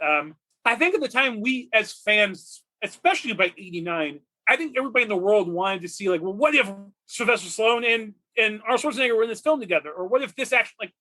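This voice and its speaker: A man in his forties from California, co-hosting a movie podcast, rambling excitedly and laughing often. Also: high voice. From Redlands, California. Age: 40s. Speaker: podcast co-host. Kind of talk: casual movie podcast chat.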